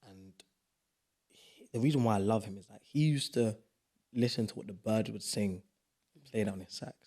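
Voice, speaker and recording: A young man, a podcast guest in casual, animated chat. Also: fairly low pitch. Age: young adult. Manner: animated, playful, quick bursts of emphasis.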